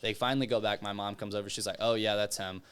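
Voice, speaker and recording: A man's voice: fairly low pitch, quick pace, a little hiss or hum. A young man from Texas, a guest author, telling a personal story in casual chat and acting out the voices of the people in it. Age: young adult. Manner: animated, acts out quoted voices.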